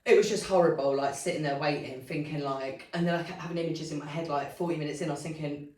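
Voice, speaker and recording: A woman's voice: low-pitched, fairly even intonation, quick pace, darkish tone. A young woman, co-hosting a podcast and telling a story in candid, casual chat full of swearing and fillers. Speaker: podcast co-host. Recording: roomy sound from a distant mic.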